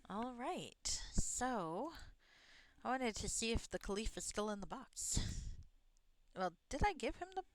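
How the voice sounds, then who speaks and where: A woman's voice: fairly high pitch, very animated, measured pace, rough recording. Chatty swearing woman gaming streamer. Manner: chatty, swearing, laughing asides. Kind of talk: casual gameplay commentary.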